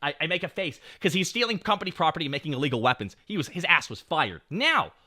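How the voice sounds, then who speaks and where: A man streamer casually telling a long, profane story to his viewers, swinging between low muttering and shouting. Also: big pitch swings, fast talker. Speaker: VTuber streamer.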